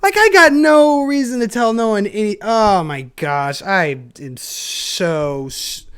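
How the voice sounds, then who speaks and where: A man's voice: high voice, animated, takes it slowly, fairly bright tone, smooth. Guy rambling alone on his podcast, a bit tipsy on wine, keeps putting himself down, tons of likes and you knows. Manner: rambling stream of consciousness, self-deprecating, many fillers. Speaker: solo podcast host. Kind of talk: casual solo podcast monologue.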